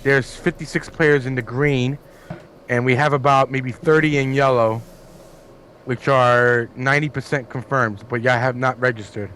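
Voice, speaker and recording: A man's voice: medium pitch, fairly even intonation, normal speed, a bit bright, a little hiss or hum. A man co-hosting a casual online show, talking bluntly and cursing a lot over a voice call. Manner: blunt, profane. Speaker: co-host.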